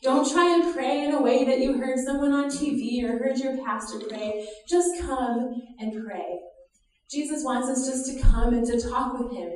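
A woman's voice: a little high, a little mellow. A woman from the United States preaching a conversational sermon in a church, with frequent laughter during anecdotes. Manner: conversational, laughs often while telling stories. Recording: echoey church hall from far off.

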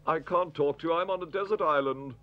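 A man's voice: on the high side, fairly quick, muffled recording, close to an everyday voice. A man voicing a greedy, good-natured old dog in a dubbed cartoon, pompous and chuckling. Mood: jolly.

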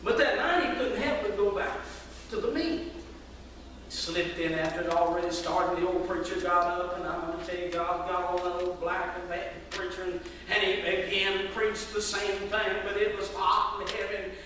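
A man's voice: high voice, fairly even intonation, normal speed, pushed and bright, a little hiss or hum. A man, preaching a sermon with folksy storytelling. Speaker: pastor. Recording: echoey hall from far off.

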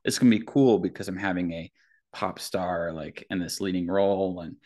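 A young man from North Florida talking in a casual podcast conversation, halting, with many filler words. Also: low-pitched, warm tone. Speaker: podcast guest or host.

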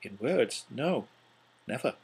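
A steady young woman breaking off an engagement, read by a man with a husky voice. She speaks quietly and evenly, with a sorrowful, resigned calm and low, hushed delivery. It sounds like a storybook reading. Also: slow, heavily acted. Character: young woman, calm and steady, gently releasing a former love. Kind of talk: audiobook character reading.

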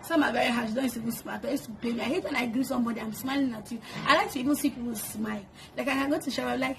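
A woman's voice: on the high side, fairly even intonation, racing, creaky, few pauses. A woman chatting to camera at home, answering get-to-know-me questions and laughing often. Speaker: vlogger. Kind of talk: casual get-to-know-me chat. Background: kids making noise.

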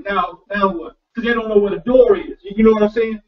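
A man's voice: sits high, fairly even intonation, quick pace. A male pastor preaching in a loose, conversational way, often repeating words and restarting his sentences in a folksy, personal tone. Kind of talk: conversational sermon. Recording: distant, dull lo-fi sound.

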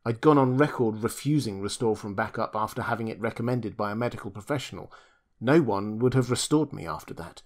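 A man's voice: on the low side, fairly quick. Man reading a first-person audiobook. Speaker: audiobook narrator.

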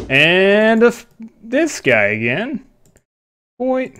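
Excitable young man commentating his gameplay. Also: on the high side, unhurried, long pauses. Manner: excitable, swears and laughs often. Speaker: gaming YouTuber.

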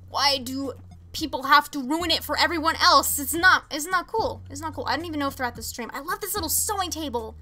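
Young woman, streamer, casual chat, reads chat aloud, high voice, faint background game music. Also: a little fast, pushed and bright. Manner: chatty, reads chat aloud, exasperated asides. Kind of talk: casual live-stream chat while gaming.

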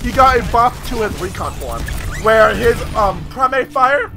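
A man commentating his own gameplay as a video host, excitable and swearing a lot, often squealing. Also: extremely high pitch, normal speed, vocal fry. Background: game music and sound effects.

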